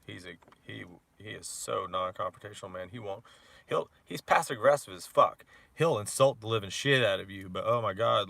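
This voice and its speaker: A man's voice: lowish voice, gravelly, sharp tone, dry recording. A man in his forties ranting about his ex-wife with profane, mocking, heated talk full of filler words. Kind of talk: rambling personal rant.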